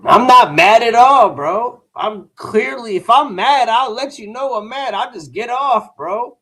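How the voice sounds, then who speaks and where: A man's voice: extremely high pitch, expressive, a little slow, fairly bright tone. A tired adult man hosting a livestream and talking casually with his chat. He uses a lot of slang, says "bro" often and waves off a troll. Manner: dismissive toward a chat troll. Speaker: livestream host.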